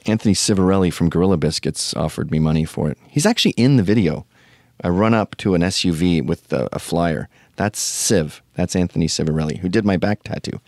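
A man's voice: low-pitched, lively intonation, fairly quick, a little mellow, dry recording, studio quality. A man hosting a podcast, telling a rambling, profane comic story full of tangents. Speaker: podcast host. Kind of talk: casual comedic storytelling.

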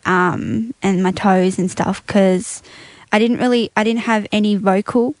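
A young woman in her late teens, talking as an interview guest. She laughs often and stops to hunt for words, with plenty of ums. Her voice sits at an ordinary pitch and sounds close and dry. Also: steady tone, a little slow, no echo. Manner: giggly, hesitant, full of ums. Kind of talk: casual interview answers.

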